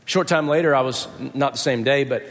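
A man's voice: mid-range voice, brisk, fairly bright tone, big-room sound. A man preaching a sermon, telling a personal story and acting out the voices of the people in it. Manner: storytelling, acts out quoted voices.

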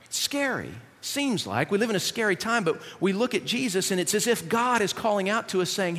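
With a high, sing-song, slightly bright voice, a man preaches fairly quickly and with few pauses in a reverberant church hall. As the pastor giving the sermon, he keeps it conversational and poses rhetorical questions.

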